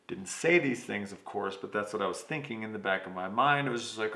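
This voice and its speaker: A man hosting his podcast, telling a story in a casual, animated way, swearing freely and acting out what people said. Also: on the low side, fairly quick, hardly any pauses, roomy sound. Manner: animated, swears, acts out quotes. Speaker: podcast host.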